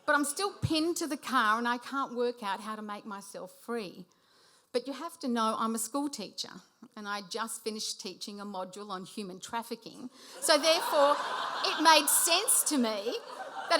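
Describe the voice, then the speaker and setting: A woman in her late fifties telling a funny personal story on stage to a live audience, animated and often laughing as she speaks. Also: on the high side, normal speed. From Sicilian heritage. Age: 50s. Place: hall before a live audience.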